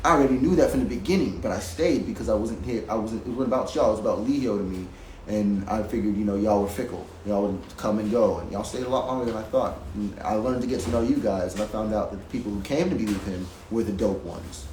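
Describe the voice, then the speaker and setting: Reacting to a video from his home music setup, a man launches into a rambling, profane rant, talking emphatically and repeating himself. His voice is lowish and darkish in tone, his pace fast, and the roomy recording carries a faint background hiss.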